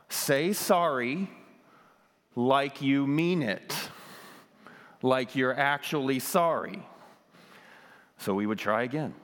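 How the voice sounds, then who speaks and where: A man's voice: medium pitch, a bit bright, in a large hall. A man giving a conversational sermon, telling a childhood story with lots of ums and self-deprecating humor.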